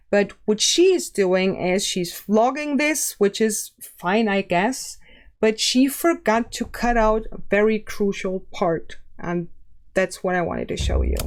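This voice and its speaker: A woman commenting on camera in a casual, measured tone, at an ordinary middle pitch. She speaks plainly and evenly as she critiques. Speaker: commentary YouTuber.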